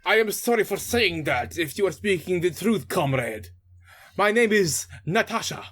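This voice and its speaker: A stern young female warrior with a heavy put-on Russian accent, as a man puts her on. Her voice sits high and bright, and every line comes out dramatic and mock-serious. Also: animated, moderate pace.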